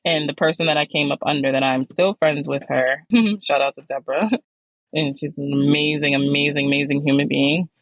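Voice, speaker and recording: A woman in her forties hosting a solo podcast, talking candidly and casually, swearing freely, her voice jumping up in pitch when she gets animated. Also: brisk, dry recording, low-quality recording. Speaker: podcast host.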